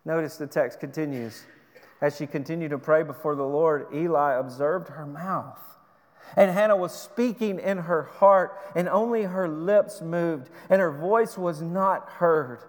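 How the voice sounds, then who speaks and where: A man's voice: fairly high pitch, unhurried. A man preaching a sermon with passion, retelling scripture in the first person and pleading with his listeners. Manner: impassioned preaching, rising and falling, paraphrasing scripture in first person. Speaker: pastor. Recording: long hall reverb.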